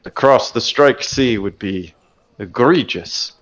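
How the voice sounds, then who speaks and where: Guy doing a grumbly dwarf, low and slow, a bit gruff. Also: animated, dull audio. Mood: gossiping. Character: gruff old male dwarf on a minecart.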